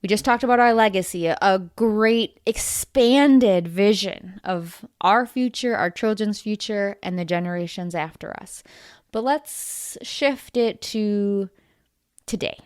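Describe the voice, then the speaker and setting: Woman, self-help podcast host, mid-range voice, slow and deliberate delivery, encouraging tone. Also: mid-range voice, clear, resonant tone, no echo, clean studio sound.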